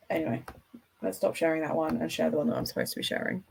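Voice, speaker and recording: A woman with a lowish voice, hosting a casual livestream from home. She rambles from thought to thought and talks with her viewers in a chatty, enthusiastic way. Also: creaky, darkish tone, husky. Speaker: livestream host.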